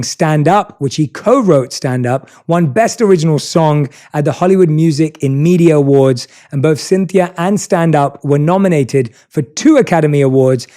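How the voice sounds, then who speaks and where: A man with a North London accent hosting an interview, chatty and enthusiastic, introducing his guest and trading quick asides. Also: fairly high pitch, dark tone. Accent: North London English. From England. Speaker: podcast host. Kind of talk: warm conversational interview.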